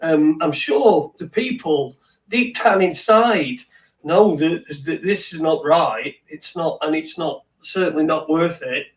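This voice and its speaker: Male host, slightly high voice, hesitant with fillers; far from mic, echoey room, online call. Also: slow. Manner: hesitant, fillers between thoughts. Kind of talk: casual chat.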